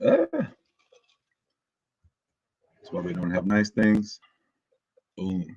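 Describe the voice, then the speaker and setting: A man hosting a casual livestream, greeting his chat with hype and friendly shout-outs before talking loosely through a walkthrough in his morning voice. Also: low voice, little pitch movement, a little slow, muffled recording. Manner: laid-back, loose and rambling. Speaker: crypto livestream host.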